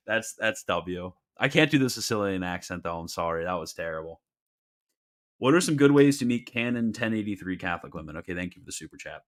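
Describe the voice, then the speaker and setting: A man with a somewhat low voice reads viewer questions aloud on a casual livestream. He answers in a loose, wry way, trailing into joking asides and laughing often. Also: animated, fairly quick. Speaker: streamer reading viewer questions.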